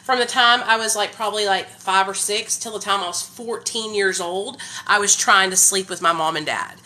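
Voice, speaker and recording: A woman chats to her viewers in a casual phone live stream. Her voice is bright and forceful, and she talks in an excited, hyped way. She fills her speech with "like" and "y'all". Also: medium pitch, moderate pace. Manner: hyped, energetic talker; heavy use of "like" and "y'all".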